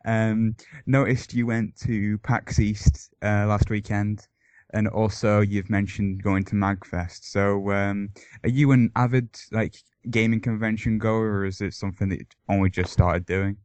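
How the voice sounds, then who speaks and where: A man's voice: on the low side, little pitch movement, measured pace, a little mellow, no echo. A man hosting a podcast, asking questions hesitantly with many fillers. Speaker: podcast host. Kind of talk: casual podcast interview.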